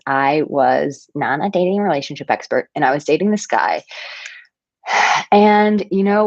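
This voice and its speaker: Low-voiced woman giving blunt dating advice. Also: no room sound, lo-fi sound. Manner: animated storytelling, playful asides. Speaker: dating coach. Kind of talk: casual advice talk to camera.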